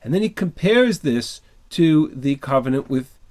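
Animated man teaching an online class. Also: mid-range voice, measured pace. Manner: emphatic, asks rhetorical questions and answers them. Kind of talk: online text-study class.

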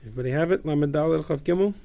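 Gravelly, mellow-toned male teacher. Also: on the high side, very fast, highs cut off. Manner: reads verses aloud, then translates and explains; fields student questions casually. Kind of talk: text-study class lecture. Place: classroom with students.

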